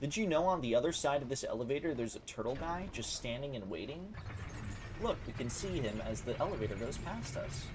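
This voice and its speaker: A man's voice: mid-range voice, lively intonation, brisk, background noise. A man streaming a video game, chatting casually and playfully trash-talking the characters on screen in a mocking, sing-song way. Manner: mocking sing-song taunting, jumps between loud and mumbled. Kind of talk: casual gaming commentary.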